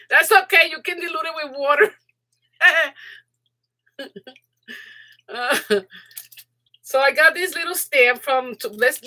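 Middle-aged woman hosting a live craft stream. High, bright, giggly voice that climbs when she's excited. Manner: excitable, giggly, chatty, talks to viewers in chat. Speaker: crafting channel host. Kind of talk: casual live stream chat.

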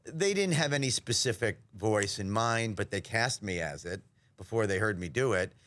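Animated storytelling man from New York. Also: fairly low pitch, moderate pace. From New York, USA. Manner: animated storyteller, slips into impressions. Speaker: voice actor guest. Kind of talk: casual interview.

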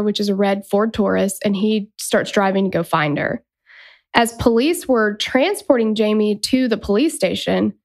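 True crime podcast lady, casual chatty storytelling, mid-pitched voice. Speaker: podcast host.

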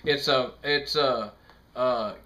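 A man putting on a slow-witted, rambling rural hillbilly character on a prank call. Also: medium pitch, bright, forceful tone. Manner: rambling, confused, drawling. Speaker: prank caller.

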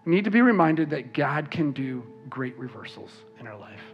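Man, pastor, sermon, high voice, emphatic, repeats himself, faint music behind. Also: big pitch swings, normal speed, dull audio. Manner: emphatic, repeats words when stressing a point. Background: soft worship music.

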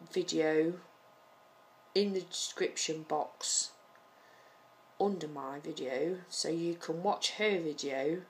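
Nottingham woman vlogger, slow hesitant chat, lowish voice, faint hiss behind. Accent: Nottingham English. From Nottingham, England. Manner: rambling, hesitant with many ums. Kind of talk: casual to-camera chat.

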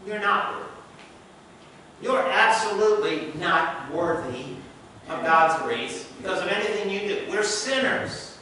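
Preacher guy, high bright voice, slow and emphatic, lots of rhetorical questions, big echoey church, mic far off. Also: expressive, a little hiss or hum. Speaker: pastor. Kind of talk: sermon. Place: church sanctuary.

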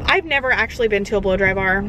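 A woman's voice: medium pitch, fast talker, noisy background. A pregnant young woman hosting a casual vlog, chatty and giggly, filmed on a handheld camera in a car. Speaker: vlogger host. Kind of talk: casual chat.

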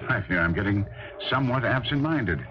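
An actor playing Sherlock Holmes, a sharp, self-assured detective, speaking in a crisp, measured way in a 1970s radio drama. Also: male voice, mid-range voice, lively intonation, over music, natural voice. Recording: muffled old radio broadcast.

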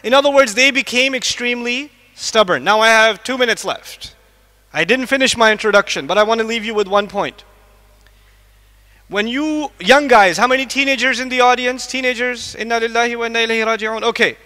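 A man from the United States, probably middle-aged, giving an animated religious lecture to a live audience, asking it questions and quickly reciting Arabic verses. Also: extremely high pitch. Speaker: Islamic lecturer. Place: large lecture hall. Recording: long hall reverb.

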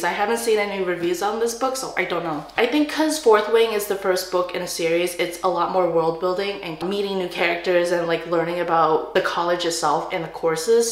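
A woman's voice: lowish voice, roomy sound. A young woman chatting in a casual reading vlog, gushing and saying "like" a lot. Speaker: book vlogger.

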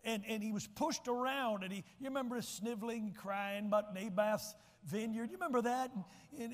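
A man's voice: extremely high pitch, a little fast, few pauses. A man preaching a sermon as pastor, folksy and emphatic, often repeating words as he restarts. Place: church sanctuary. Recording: church hall reverb.

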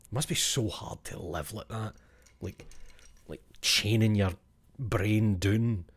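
A Scottish man is streaming and chatting casually with his live chat, blunt and swearing freely, with chuckling asides. His voice sits fairly low and moves slowly, with a breathy edge.

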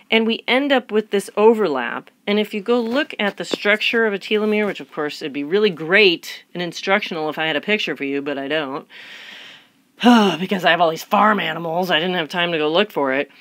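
A woman recording a biology tutorial lecture in a playful, chatty way. She fires off rhetorical questions, answers them herself, and puts on mock excitement. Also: mid-range voice, normal speed, dry recording. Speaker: biology instructor.

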